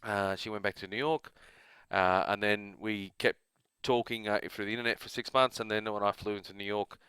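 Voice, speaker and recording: A man's voice: fairly low pitch, steady tone, a little fast, bright, forceful tone, clear, resonant tone, no echo. A man with an Australian accent, host of a gaming channel, telling a long rambling story in a casual, self-amused way.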